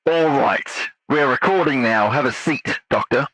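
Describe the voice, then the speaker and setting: A man voicing a male agent who runs a post-incident interview with calm, procedural questions. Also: mid-range voice, a little slow, rough recording. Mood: interrogating.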